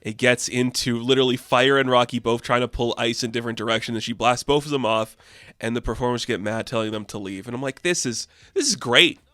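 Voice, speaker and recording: A man giving a casual, animated recap of a comic book issue, chatty and full of fillers. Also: medium pitch, fast, smooth, no room sound, studio quality.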